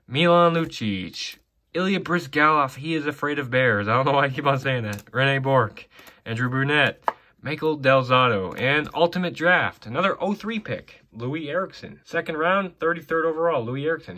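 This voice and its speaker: A man with a bright, forward tone talks casually while he opens hockey card packs. He reads player names off one after another and drops offhand comments between them. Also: medium pitch, slight background noise. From Canada. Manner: reads names off cards in a running list with offhand asides. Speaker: card collector opening packs. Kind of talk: casual box-break commentary.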